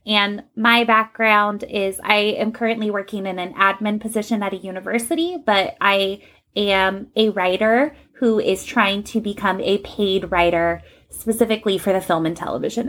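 A woman's voice: mid-range voice, a bit bright. A young woman co-hosting a podcast in a playful, jokey casual chat. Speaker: podcast co-host.

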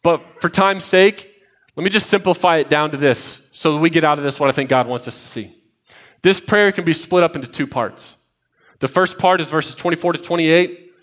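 Pastor, man, 30s, higher register, animated storyteller who builds to emphatic, repeated lines. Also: moderate pace. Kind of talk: sermon with personal stories.

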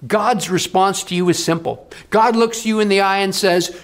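A man's voice: sits high, moderate pace, hardly any pauses, fairly bright tone. A man preaching a broadcast sermon, impassioned and emphatic, pressing points to the listener. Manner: impassioned, emphatic, rising and falling delivery. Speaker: radio preacher.

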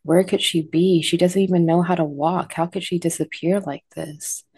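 A woman's voice: on the low side, fairly even intonation, moderate pace, darkish tone, husky, no echo, studio quality. Woman voicing a frantic, furious mother. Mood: distraught. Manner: pleading then screaming accusations.

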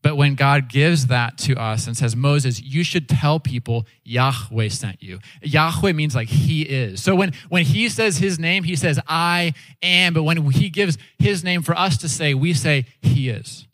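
A man preaching a sermon in a casual, animated way, acting out quoted voices as he tells stories. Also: a little high, unhurried, few pauses, no room sound. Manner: casual, with frequent "like" and "all right". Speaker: pastor.

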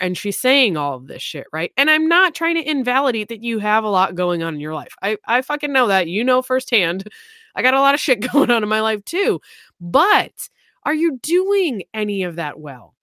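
A woman's voice: medium pitch, a bit bright, dry recording. A woman health coach delivers an emphatic, profanity-laced motivational monologue. Her voice sits in a middle range and is recorded dry and close.

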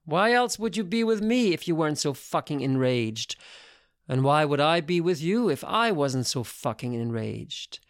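A man voicing a bitter, worldly woman lover who talks bluntly and profanely in a slow, intense way. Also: on the high side, sing-song, no echo, clean studio sound. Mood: mocking.

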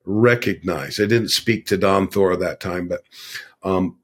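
A man's voice: low voice, unhurried, slightly rough. An older man telling a long personal story as a podcast guest, earnest and rambling, with many fillers. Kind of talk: conversational storytelling.

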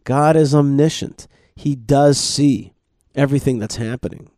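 A man's voice: mid-range voice, fairly even intonation, a little slow, darkish tone, no room sound, studio quality. A man, a rabbi and podcast host, giving a Torah teaching talk while thinking aloud with many restarts.

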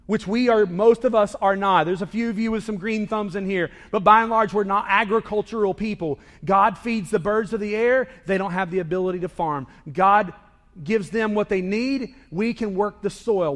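A man preaching a sermon indoors, moving between hushed, intimate lines and loud, emphatic ones. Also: high-pitched. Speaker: pastor. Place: indoor worship hall. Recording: reverberant hall.

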